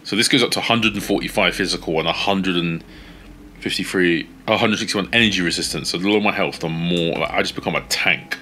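A man casually commentating his video game play, swearing often and yelling at in-game companions. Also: sits low, quick pace, slight background noise. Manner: swears a lot, shouts at teammates. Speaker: gaming streamer.

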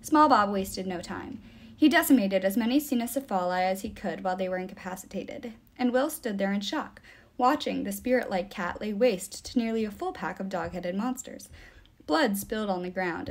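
A woman reading a novel aloud with expressive storytelling. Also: medium pitch, moderate pace. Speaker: reader.

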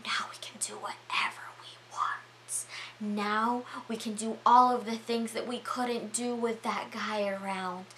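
A woman voicing a menacing, controlling middle-aged man in a movie recap, speaking low and quiet. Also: fairly even intonation, moderate pace, hardly any pauses, a little hiss or hum, lightly acted. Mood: creepy whisper.

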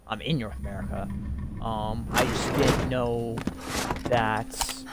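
A man's voice: medium pitch, fairly even intonation, slow, heavy background noise. A young man casually commenting on a video game as a YouTuber, rambling with many fillers and restarts. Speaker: gaming YouTuber and streamer.

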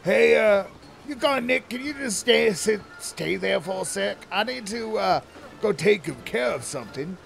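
A man's voice: high-pitched, expressive, unhurried, vocal fry, fairly bright tone. A man streaming a game, rambling and stammering through jokey commentary. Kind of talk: casual gameplay commentary.

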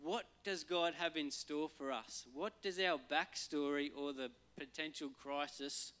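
A man, a pastor giving a relaxed, conversational sermon and acting out voices now and then. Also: mid-range voice. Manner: conversational, acts out voices and quotes for humor.

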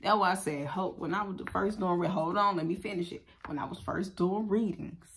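A woman's voice: lowish voice, brisk, background noise. A woman giving a casual tarot reading, talking bluntly and profanely in a loose, chatty way. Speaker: tarot reader.

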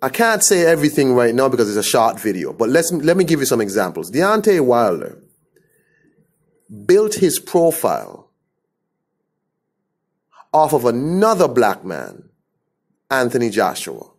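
Caribbean man, blunt emphatic rant, scornful, mid-pitched voice. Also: wildly swooping pitch, unhurried, long pauses, husky. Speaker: commentator. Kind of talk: opinion rant to camera.

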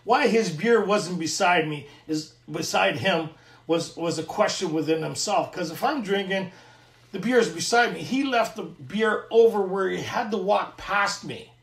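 A man's voice: high voice, normal speed, creaky, reverberant, far from the mic. A middle-aged man from Canada, earnestly sharing a personal recovery story at a meeting and acting out the dialogue.

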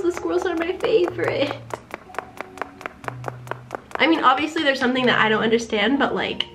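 A high-pitched woman chatters her way through a video game in a casual, wide-eyed tone. She is easily delighted, with quick gasps and giggles between lines. Faint game music plays softly behind her voice. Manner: excitable, gasping and giggling in delight. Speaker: game streamer. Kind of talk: casual gameplay commentary.

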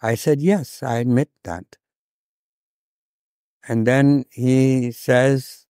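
An older man from India giving a talk, telling a personal story in a slow, deliberate way and voicing the people in it. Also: medium pitch, steady tone, mellow, no room sound, studio quality. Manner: slow, deliberate, acts out quoted dialogue.

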